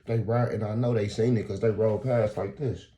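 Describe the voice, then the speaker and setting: A man doing freestyle stand-up, telling a profane story and jumping into high voices for the people he quotes. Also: fairly even intonation, brisk, mellow. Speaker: stand-up comedian.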